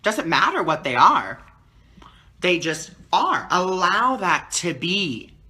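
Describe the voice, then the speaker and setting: A man talking calmly and teacherly on a live stream as a spiritual teacher, answering viewer comments and often checking in with "okay?". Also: sits high, takes it slowly. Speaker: spiritual teacher and card reader.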